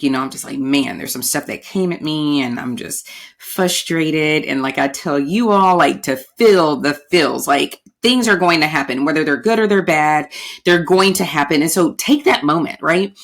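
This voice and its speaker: A woman's voice: deep voice, a bit bright. A married woman hosting her own podcast, talking casually and expressively to her listeners and laughing often as she goes. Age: adult, married. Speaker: podcast host. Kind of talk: casual solo podcast talk.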